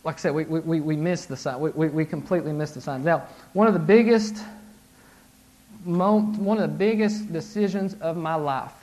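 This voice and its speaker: A man's voice: on the high side, moderate pace, darkish tone. A man in his thirties giving a casual sermon, talking conversationally with frequent asides and restarts. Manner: conversational, frequent "right?" and "like", restarts, acted-out inner voices. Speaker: pastor.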